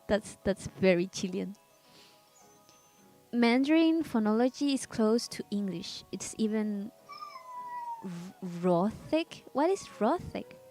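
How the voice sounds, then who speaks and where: A woman whose first language is Spanish, talking with viewers as she draws on a live stream. Her voice sits high and she takes her time, wandering from thought to thought with easy giggles. Soft music plays faintly in the background. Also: lively intonation, takes it slowly, pauses often. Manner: rambling, chatty, giggly, restarts words. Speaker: artist streaming a drawing session. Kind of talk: casual live-stream chat.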